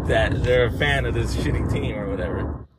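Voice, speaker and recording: A man hosting a podcast, ranting casually about sports in rambling, profane slang while driving to work. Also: mid-range voice. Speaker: podcast host. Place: in a car on the way to work. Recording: loud car road noise.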